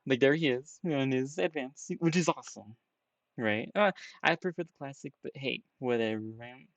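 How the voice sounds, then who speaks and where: A man's voice: medium pitch, a little fast, gravelly, dull audio, noisy background. A man giving casual, rambling reaction commentary on a game trailer, peppering his talk with "you know" and "right?". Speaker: trailer reviewer.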